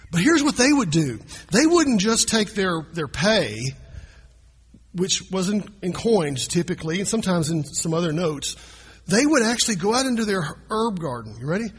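Preaching in a church sanctuary, a pastor speaks to his congregation conversationally and asks them questions. His voice sits high and sounds husky, with long hall reverb on the recording.

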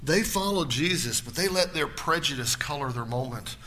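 A male pastor preaching a sermon in a church, swinging from loud to hushed. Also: medium pitch, lively intonation, moderate pace.

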